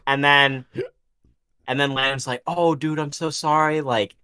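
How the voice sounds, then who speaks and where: Young guy on a podcast, bright voice, swears a lot, just rambling. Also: a little high, steady tone, normal speed, no echo. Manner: rambling storyteller, swears freely. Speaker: podcast co-host. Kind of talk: casual chat.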